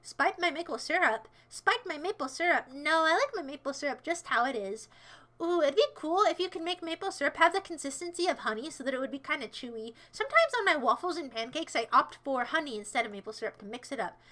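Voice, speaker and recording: A woman's voice: high-pitched, lively intonation, quick pace, sharp tone. A woman livestreaming in casual chat, answering viewers in a playful, sassy, rambling way.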